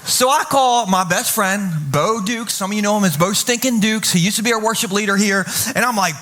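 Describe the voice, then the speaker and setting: Pastor guy preaching on a church stage, high bright voice, jokey and animated. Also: fairly quick, few pauses. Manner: animated, joking, acts out quoted voices. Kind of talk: humorous sermon storytelling.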